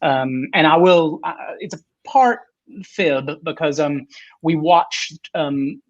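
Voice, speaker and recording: A man's voice: a little high, slow, lo-fi sound. A man in his forties, a guest on a video-call chat, talking in a rambling, self-deprecating way with many restarts.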